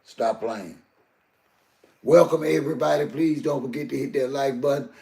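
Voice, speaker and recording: A man's voice: medium pitch, moderate pace, creaky, dark tone, echoey room. An older man, talking heatedly and directly to his live stream chat. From Southern US. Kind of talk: emotional live stream talk.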